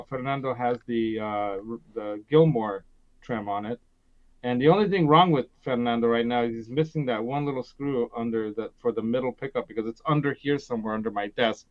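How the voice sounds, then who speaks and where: Male stream host, middle pitch, rambling chatty delivery, lo-fi dull audio. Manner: rambling, laughs often, many restarts. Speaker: host of a gear live stream. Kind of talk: casual live-stream chat.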